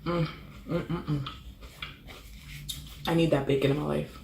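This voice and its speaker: A woman talks casually to her viewers between bites, humming "mm" as she eats. Her voice carries a gravelly fry, and the room around her sounds echoey. A faint room hum sits underneath. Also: low voice, steady tone, a little slow, darkish tone. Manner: chatty, savoring with frequent mm sounds between bites. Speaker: food vlogger. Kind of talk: casual mukbang eating vlog.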